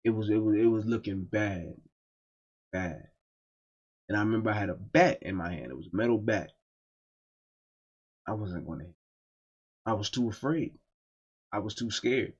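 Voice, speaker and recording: A man's voice: fairly low pitch, normal speed, long pauses, a little mellow, slightly rough, highs cut off. A man telling a personal story in a casual, profane and emphatic storytime monologue.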